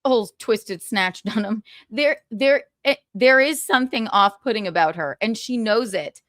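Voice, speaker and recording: On the high side and fairly bright, a woman's voice moves at a measured pace as she hosts a casual pop-culture gossip livestream. She chats, giggles, and admits she's exhausted through weary asides, in studio-quality sound with no room sound.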